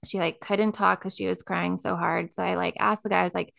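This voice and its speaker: A woman's voice: fairly low pitch, level tone, fairly quick, creaky, fairly bright tone, no echo, studio quality. A woman co-hosting a podcast, telling a personal story in casual chat, filling her speech with "like" and getting emotional. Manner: filler-heavy, says "like" constantly, emotional. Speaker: podcast co-host.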